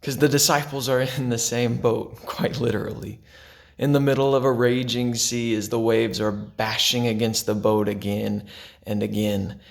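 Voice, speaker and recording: Pastor, male, gravelly tone, soft-spoken devotional delivery, sinks to near-whispers. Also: medium pitch, steady tone. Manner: gentle, unhurried, drops to a hush for quiet lines. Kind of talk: devotional sermon to camera.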